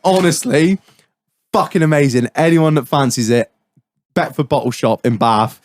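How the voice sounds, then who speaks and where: On a laid-back podcast, a male co-host with a higher-leaning voice swaps easygoing banter with friends, cursing freely, laughing, and doing impressions of people as he tells stories. He talks at a normal speed, and the recording is clean studio audio with no room sound.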